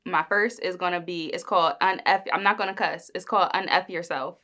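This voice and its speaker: A woman's voice: on the low side, fairly even intonation, normal speed, pushed and bright. A young adult woman hosting a podcast, chatting casually and rambling, with lots of fillers and "like"s. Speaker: podcast host. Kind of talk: casual solo podcast chat.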